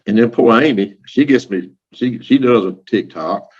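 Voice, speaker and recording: A man's voice: mid-range voice, moderate pace, husky. A man from Louisiana with a Southern accent, chatting as an interview guest and acting out what people said, laughing often. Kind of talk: casual storytelling. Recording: dull lo-fi audio.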